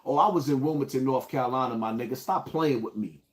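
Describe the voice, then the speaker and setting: Talking fast in a mid-range voice, a man from the Bronx, New York, runs a casual live stream. He hypes his audience and names viewers by place.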